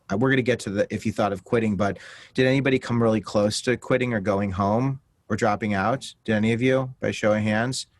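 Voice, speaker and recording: A man's voice: lowish voice, dry recording. A man hosting an interview with students, asking questions with frequent restarts. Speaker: host. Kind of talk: interview conversation.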